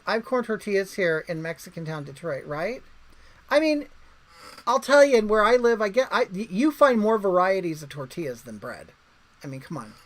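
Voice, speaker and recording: A woman's voice: mid-range voice, low-quality recording. Rambling chatty woman talking to her live chat, voice swings up and down a lot. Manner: rambling, chatty, reads viewer comments aloud. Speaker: livestream host. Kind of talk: casual livestream chat.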